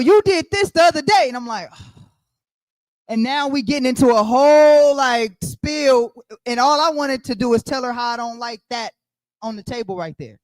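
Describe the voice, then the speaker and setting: A man's voice: sits high, no room sound. A man leading a Bible study, preaching conversationally and emphatically, repeating his key phrases as he speaks straight to the group.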